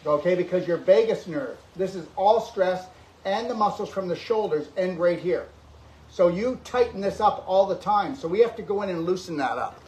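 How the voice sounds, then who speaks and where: Guy walking you through a neck routine, kinda high voice, keeps saying okay, clapping on himself as he talks. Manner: emphatic, frequent "okay?" check-ins; physically clapping his own neck and back while talking. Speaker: health coach demonstrating self-treatment. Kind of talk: instructional demonstration.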